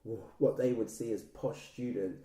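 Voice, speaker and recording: A man's voice: medium pitch, steady tone, normal speed, crowd noise. A man in his thirties telling stories in a casual podcast chat, with many fillers and restarts. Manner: hesitant, filler-heavy storytelling. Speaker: podcast host. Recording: roomy echo, distant mic.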